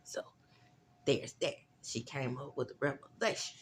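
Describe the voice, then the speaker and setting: A woman hosting a casual reality TV recap, blunt and sassy, with animated reactions. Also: a bass voice, moderate pace, in a whisper.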